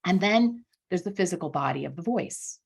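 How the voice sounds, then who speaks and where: A woman speaking as a guest voice coach in a casual podcast interview, animated, often checking in with "right?" and repeating words for emphasis. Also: lowish voice, normal speed, creaky, slightly rough.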